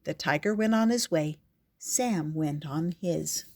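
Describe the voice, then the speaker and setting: An older woman reading a picture book aloud in a gentle, expressive way. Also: deep voice, slow. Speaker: storyteller.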